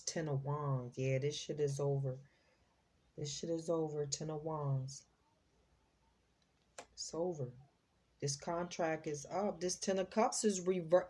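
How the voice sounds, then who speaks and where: Female tarot host, low mellow voice, casual and slangy, exclaims freely. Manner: chatty, slangy, exclaims as she reads the cards. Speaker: psychic tarot reader, host.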